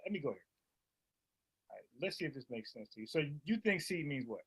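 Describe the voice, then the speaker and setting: A man, debating and explaining a Bible word in casual, animated talk, often restarting his phrases. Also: mid-range voice, fairly quick, slightly rough. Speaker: online Bible teacher.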